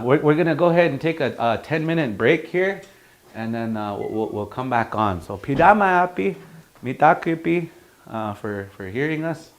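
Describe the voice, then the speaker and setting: A man teaching a language class in a casual, chatty way, laughing often and acting out how phrases should sound. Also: medium pitch.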